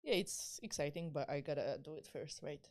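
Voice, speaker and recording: A woman's voice: deep voice, a little fast. Casual young woman athlete guest. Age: 20s. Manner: casual, plain-spoken with fillers like "you know". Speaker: powerlifter guest. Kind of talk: live podcast interview.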